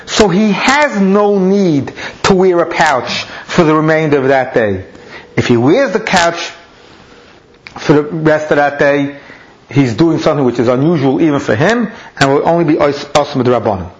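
A man's voice: fairly high pitch, normal speed. Man giving a Talmud lecture, lo-fi. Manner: explains step by step with Hebrew and Aramaic terms. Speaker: Talmud teacher. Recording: dull lo-fi recording.

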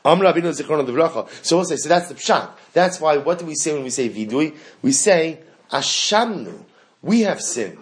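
A man teaching a Torah class, animated and rising to impassioned pleading, sprinkling Hebrew and Yiddish terms through his English. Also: fairly high pitch, normal speed. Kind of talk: Torah lecture.

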